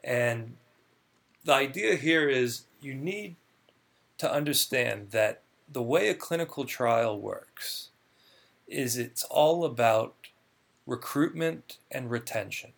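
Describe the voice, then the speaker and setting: A man with a gravelly, creaky edge to his voice speaks in a relaxed interview. He explains things earnestly and at length, often stumbling and repeating words before a thought gets going. His pitch sits in an ordinary middle range. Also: takes it slowly. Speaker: clinical research guest. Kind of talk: conversational interview.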